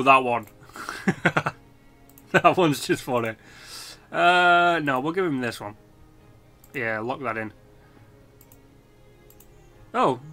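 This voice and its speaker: A man's voice: mid-range voice, bright, forceful tone. A man hosting a casual let's-play video, chatting loosely with lots of fillers and the odd swear. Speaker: gaming video host.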